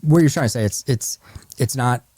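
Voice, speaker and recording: A man hosting a casual podcast chat, an animated storyteller who acts out quoted lines. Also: medium pitch, moderate pace, breathy edge, dry recording, studio quality. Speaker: podcast host.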